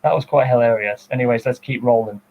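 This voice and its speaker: A man's voice: medium pitch, fast talker, dull audio. A man giving director's commentary in a chatty way, often fumbling for words. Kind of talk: casual commentary.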